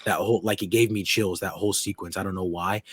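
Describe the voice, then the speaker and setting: A man's voice: low voice, steady tone, fast talker, a bit bright, slightly rough, no room sound. A young man hosting a podcast, chatting casually and enthusiastically with many restarts. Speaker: podcast host. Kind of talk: casual chat.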